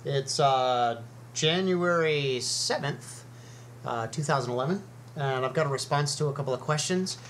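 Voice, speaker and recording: A man's voice: medium pitch, normal speed, a bit bright, a little hiss or hum. Chatty man explaining snakes to camera. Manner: chatty and easygoing, with frequent ums and uhs. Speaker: snake educator and video host. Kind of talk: casual educational talk to camera.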